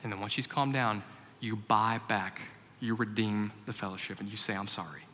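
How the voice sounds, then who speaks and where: Quiet calm god voice, a pastor putting it on, soft and low, echoey hall. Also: male voice, slight background noise. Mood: gentle. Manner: soft, slow, hushed. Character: quiet inner voice of God, gentle, male. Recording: long hall reverb.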